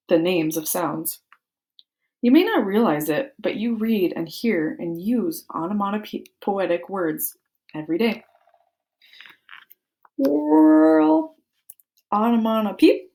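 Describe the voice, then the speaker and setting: A woman's voice: fairly low pitch, a little mellow. A woman reading a children's book aloud, playfully acting out the sound words. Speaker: book reader.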